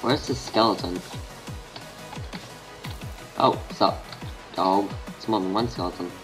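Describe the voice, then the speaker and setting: With a low voice and a slow pace, an Australian man hosts a gaming channel, commenting casually on gameplay. He thinks aloud and mutters unfinished sentences to himself while music plays in the background.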